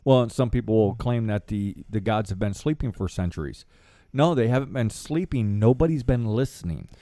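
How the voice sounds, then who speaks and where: A man's voice: on the low side, expressive, normal speed, mellow, no echo, studio quality. A man co-hosting a casual discussion, agreeing often and adding his own analogies. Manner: agreeable, chimes in with affirmations and analogies. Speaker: podcast co-host.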